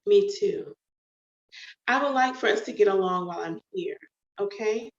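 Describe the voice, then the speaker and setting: A man's voice: high-pitched, normal speed, close to an everyday voice. A woman voicing a cocky, guarded young man in an audiobook-style reading, speaking in a curt, dry way. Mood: quiet. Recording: echoey, dull home recording.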